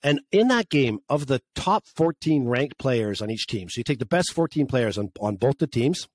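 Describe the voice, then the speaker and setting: A man from Canada with a mid-pitched voice talks in a casual chat. He rambles and complains, restarting his sentences, and the sound is dry and close. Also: animated, moderate pace, dry recording. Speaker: podcast co-host.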